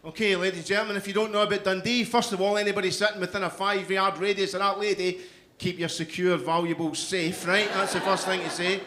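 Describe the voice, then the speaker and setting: A middle-aged man with a Glaswegian accent, performing a stand-up comedy set on a club stage, with loud, punchy crowd work. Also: high voice, little pitch movement, fast, a little hiss or hum. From Scotland. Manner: loud, punchy crowd work with frequent "you know what I mean".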